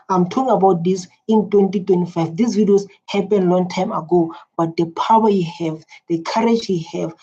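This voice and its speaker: A reaction video host from South Africa speaks in a lowish, warm, slightly rough voice. She reacts to politics emphatically, repeating herself and using lots of fillers, on a dull lo-fi recording with a little background noise.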